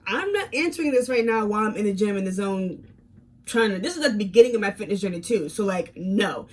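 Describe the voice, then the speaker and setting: A woman in her twenties telling a casual storytime vlog, animated, with many fillers and repeated words, swinging from calm to heated. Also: medium pitch, fast talker. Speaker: fitness vlogger.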